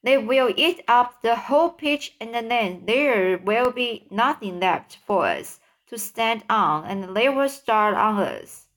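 A woman's voice: on the high side, expressive, slow, hardly any pauses, a bit bright. A woman voicing a despairing female spider in a storybook read-aloud.

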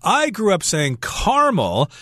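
A man co-hosts a radio English lesson and explains phrases with everyday examples. His voice sits at a middle pitch. The studio sound is dry and close. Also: animated, moderate pace, no echo. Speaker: English teacher co-host.

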